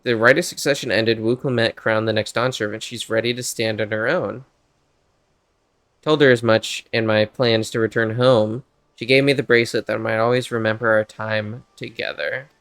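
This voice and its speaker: A man reading the lines of a gentle elderly female nursemaid, soft and plain. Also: lowish voice, steady tone, normal speed, dry recording. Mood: sorrowful.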